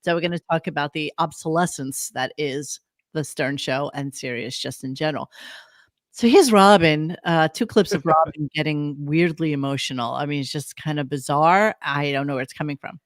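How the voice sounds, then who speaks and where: A man's voice: fairly high pitch, normal speed, no echo, studio quality. A man co-hosting a podcast in casual chat, leading the talk, steering topics and repeating phrases for emphasis. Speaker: podcast co-host.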